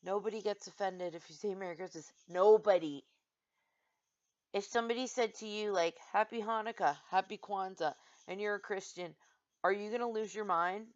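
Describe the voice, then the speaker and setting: A woman vlogger telling a story and ranting in an exasperated, animated way, full of "like"s. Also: medium pitch, moderate pace. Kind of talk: casual ranting monologue. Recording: slightly dull lo-fi sound.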